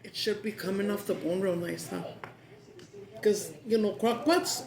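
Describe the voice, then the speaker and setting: A woman's voice: medium pitch, moderate pace, creaky, darkish tone. A woman chatting casually while eating on camera, slipping into Spanish phrases as she talks. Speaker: mukbang vlogger. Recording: echoey room with background noise.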